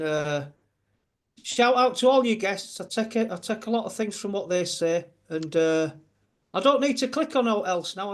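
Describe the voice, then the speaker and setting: High-voiced Yorkshire man in his fifties. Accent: West Yorkshire. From Bradford, West Yorkshire. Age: 50s. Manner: rambling, earnest, many restarts. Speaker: guest fan. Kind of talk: casual chat. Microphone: video call.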